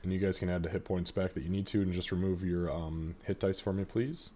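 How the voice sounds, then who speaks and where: A man narrating as game master of a live tabletop game, measured and calm, with frequent fillers. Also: deep voice, slight background noise.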